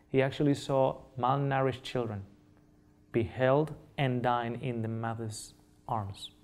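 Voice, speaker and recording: This middle-aged man, a native Spanish speaker, has a medium-pitched, fairly even voice and an unhurried pace. He gives a public nutrition lecture in an earnest storytelling style, repeating phrases and checking in with his audience.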